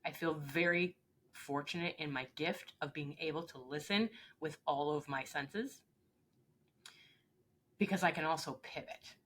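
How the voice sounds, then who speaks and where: A woman's voice: low voice, unhurried, fairly bright tone, a little hiss or hum. A woman leadership coach speaking earnestly and with emphasis in an interview, often acting out short exchanges. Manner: earnest, emphatic, acts out little dialogues. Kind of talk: interview conversation.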